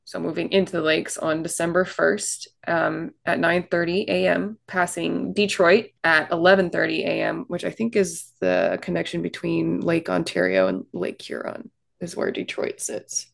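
A woman with a low, gravelly voice tells a story on a casual podcast. She reads out facts in a chatty way, dropping fillers and little asides as she goes. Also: normal speed. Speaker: podcast co-host telling a shipwreck story.

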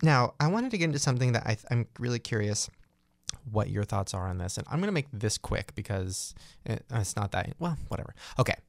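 A man's voice: lowish voice, a little fast, gravelly, no echo. A young man hosting a podcast, ranting casually with lots of swearing and laughter. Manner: animated, profane, rambling ranting with laughs. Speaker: podcast host. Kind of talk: casual chat.

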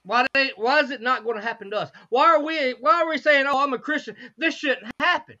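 A hoarse woman with a cracking voice leads a fervent Bible study, repeating phrases and asking rhetorical questions. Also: sits high, brisk, bright, forceful tone, highs cut off.

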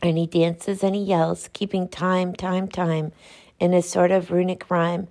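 A woman reciting a poem aloud in a measured, rhythmic reading that lingers on repeated words. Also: fairly low pitch, little pitch movement, a little mellow. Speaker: poetry reader. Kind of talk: poetry recitation.

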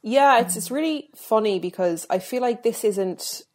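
A woman's voice: a little high, normal speed, darkish tone. A woman co-hosting a podcast, chatty and rambling, swearing casually. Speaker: podcast co-host.

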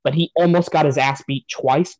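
A man's voice: on the high side, steady tone, moderate pace, a little mellow, rough recording. A man on a podcast giving a profane, sarcastic rant about a movie in casual chat. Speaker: podcast host.

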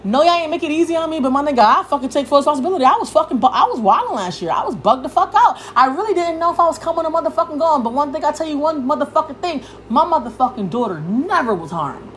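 Heated high-pitched young woman ranting. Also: animated, quick pace, few pauses, slight background noise. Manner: heated, cursing freely, yelling at times. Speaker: podcast host. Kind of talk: profane rant.

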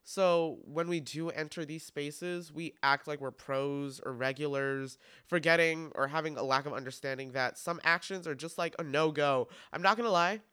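A man's voice: a little high, fairly even intonation, normal speed, few pauses, pushed and bright, smooth. A man in his twenties hosting a solo podcast, talking in a sassy, campy, profane way. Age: 20s. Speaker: podcast host.

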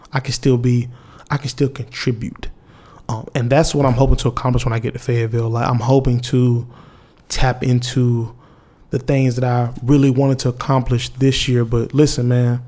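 A young man with a drawl talks straight to his viewers, loose and candid. He rambles and restarts often and mixes in slang, with a medium pitch that sits in the middle of the male range. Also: warm tone. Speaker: vlogger. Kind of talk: casual heartfelt monologue to viewers.

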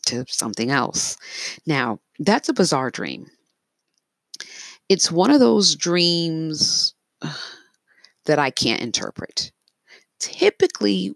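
A woman's voice: sits low, no echo. A woman casually narrating her dreams, rambling with fillers and restarts. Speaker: storyteller.

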